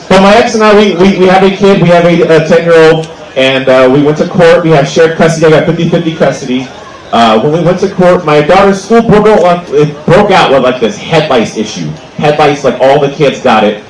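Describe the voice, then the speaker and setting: A fairly high-voiced young man performs stand-up outdoors, his words ringing out with a lot of echo from the PA. He rambles, restarting sentences and filling them with "like". He speaks into a handheld stage mic. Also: a little fast, slight background noise. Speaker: stand-up comedian. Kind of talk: stand-up comedy set.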